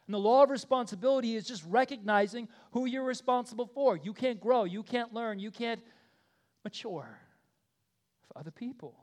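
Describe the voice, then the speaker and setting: A man in his thirties preaching a sermon in an earnest, conversational way, often checking in with the congregation and swinging from loud emphatic pleas to quiet asides. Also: sits high. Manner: earnest, conversational with frequent "okay?" and "right?" check-ins. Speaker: pastor.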